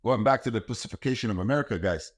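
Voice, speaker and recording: A middle-aged man's fairly low voice races through a heated, profane, blunt monologue about raising kids. He hosts a podcast and works as a martial arts coach, and this is a full-on rant.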